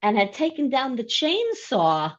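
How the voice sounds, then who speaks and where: A woman's voice: a little high, wildly swooping pitch, a little slow. Chatty middle-aged woman, dull lo-fi sound. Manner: chatty, laughs often. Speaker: book club member. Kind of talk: casual book discussion.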